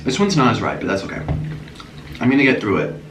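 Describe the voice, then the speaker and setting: Animated man chatting in an echoey room. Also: mid-range voice, fast talker. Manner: animated and chatty, with sudden gasps and exclamations. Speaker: mukbang vlogger. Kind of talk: casual chat while eating. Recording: echoey room, voice from a distance, faint noise.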